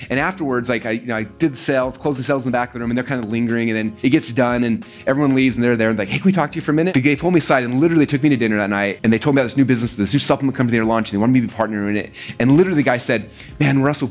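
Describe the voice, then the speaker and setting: A man telling a business story to an audience, fast and animated, acting out the quoted lines of other people. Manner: fast, animated, acts out quoted dialogue with big pitch jumps. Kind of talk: energetic storytelling talk.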